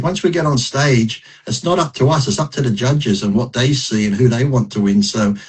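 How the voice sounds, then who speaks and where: A middle-aged man with a husky, mid-pitched voice, talking as a podcast guest. His stories come out blunt and profane, and he is quick to laugh at himself. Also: low-quality recording. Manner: blunt, profane, self-mocking. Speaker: podcast guest, retired bodybuilder. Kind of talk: casual interview storytelling.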